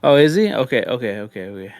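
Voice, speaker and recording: A man's voice: medium pitch, sing-song, quick pace, a little mellow, faint music behind. A man narrating a live tabletop game as game master, in a loose, rambling, joking way.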